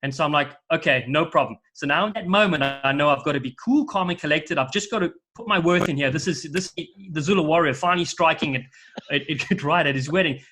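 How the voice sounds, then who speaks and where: Man, middle-aged, bright and forceful voice, a lively storyteller who acts out quotes, guest commentator. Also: fairly high pitch, quick pace, slight background noise. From South Africa. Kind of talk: casual chat, storytelling.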